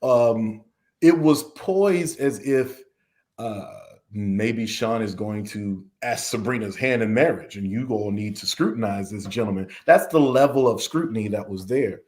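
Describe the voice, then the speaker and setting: Unhurried and a little mellow, this fairly low-pitched Southern American man is a guest on a podcast. He talks at length in frustration, acting out the questions that were put to him.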